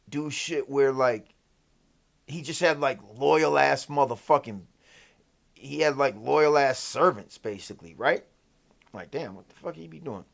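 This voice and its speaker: A man's voice: fairly high pitch, fairly bright tone. A man telling a personal story in a casual, profane, rambling way, often asking "right?". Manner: rambling, loose, peppered with "like" and "right?". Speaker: storyteller vlogger.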